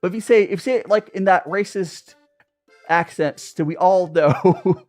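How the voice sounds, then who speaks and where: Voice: mid-range voice, moderate pace, a little mellow, faint music behind. A young adult streamer chatting casually over tea, rambling and greeting viewers by name. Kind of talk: casual chat while drinking tea.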